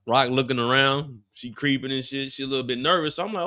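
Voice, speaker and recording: Animated, slangy man recapping a show. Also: mid-range voice, quick pace, hardly any pauses. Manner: animated, slangy, acts out scenes with laughter. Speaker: YouTube after-show host. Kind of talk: casual TV episode recap.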